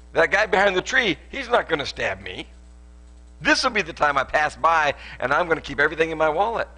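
A man preaching a sermon at a church service, animated and joking as he tells stories. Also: on the high side, slightly rough. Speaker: pastor.

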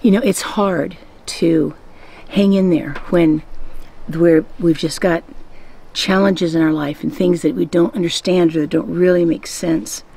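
Devotional podcast host: woman, low and gravelly voice, easygoing storyteller. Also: steady tone, unhurried. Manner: conversational, gentle storytelling. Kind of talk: devotional Bible teaching.

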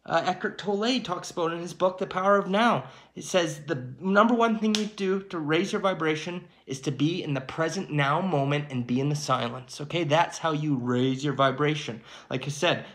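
A man's voice: a little high, normal speed, hardly any pauses, fairly bright tone. A man giving an emphatic, preachy spiritual monologue to his viewers, often checking in with "okay" and "my friends". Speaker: channel host.

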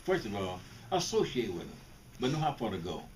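An older Mississippi man, a guest speaker, talks bluntly and informally to students, often restarting and repeating himself. His fairly low voice is sing-song and brisk, picked up by a distant mic with faint background noise.

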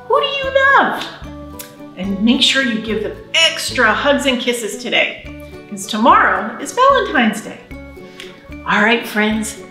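A woman leading a library storytime for babies, reading a picture book slowly and in a sing-song way and talking straight to the little ones. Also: fairly high pitch, huge pitch swings, bright, forceful tone, reverberant, soft background music. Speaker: children's librarian. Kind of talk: baby storytime reading and singing. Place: library room.

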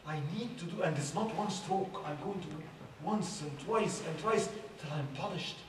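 A middle-aged man gives a relaxed religious talk, firing off rhetorical questions. His voice sits a little high for a man. It comes from a distance through a very echoey hall with a clear bed of noise behind it. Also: normal speed. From Egypt. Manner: conversational, asks many rhetorical questions. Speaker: youth speaker. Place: large hall at a religious youth event. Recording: echoey hall, far from mic, background noise.

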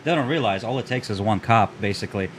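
A man's voice: fairly low pitch, fast, a little hiss or hum. A man co-hosting a casual podcast, telling loose stories with plenty of filler words. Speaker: podcast co-host. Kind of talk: casual chat.

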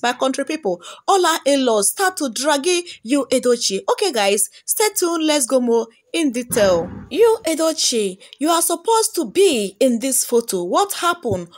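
A woman with a Nigerian accent hosting a gossip channel, dramatically reacting to and reading out comments in a pleading, excitable way. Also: sits high.

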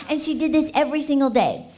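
A woman guest preacher tells a story to a church congregation with lively animation, laughing often and putting questions to the listeners. Her voice is a little high and her pace a little slow.

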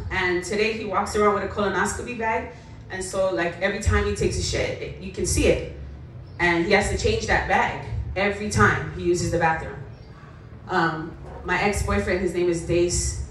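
A woman's voice: fairly low pitch, a bit bright, slight background noise. A young adult woman with a Hawaiian accent telling her life story bluntly to a school assembly. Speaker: motivational speaker. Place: school gym or hall. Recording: echoey hall, voice from far off.

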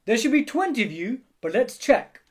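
A man voicing a schoolteacher in a storybook reading, speaking in a loud, bossy way. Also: very high-pitched, big pitch swings, normal speed, voice pushed up. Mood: brisk. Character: brisk schoolteacher, a grown man.

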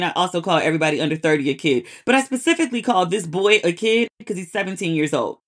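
A woman podcast host giving casual, opinionated pop-culture commentary in a chatty, sassy way. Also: medium pitch.

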